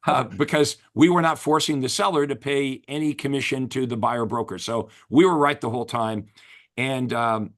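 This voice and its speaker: Speaking at a normal speed and a middle pitch, this man pumps up real estate agents he coaches, his delivery emphatic and enthusiastic. The setting is a relaxed interview chat.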